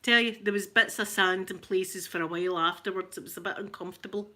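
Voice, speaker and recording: A Scottish woman with a rough voice, chatting casually and laughing as she tells stories to viewers on a live stream. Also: medium pitch, fairly even intonation, fast, pushed and bright. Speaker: livestream host chatting with viewers.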